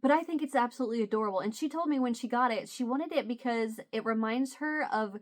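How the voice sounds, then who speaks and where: A woman's voice: on the high side, fast talker. A middle-aged woman vlogger chatting casually, telling a family story and quoting her family as she goes. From US Midwest. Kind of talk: casual chat.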